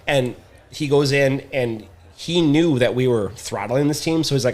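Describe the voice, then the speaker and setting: A man's voice: mid-range voice, normal speed. A man co-hosting a casual podcast chat, telling sports stories and acting out the people in them. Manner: animated storyteller, acts out quotes. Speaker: podcast co-host.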